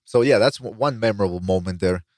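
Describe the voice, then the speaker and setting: A man's voice: lowish voice, quick pace, darkish tone. A man hosting a casual podcast, telling stories and building up to the punchline. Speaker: podcast host.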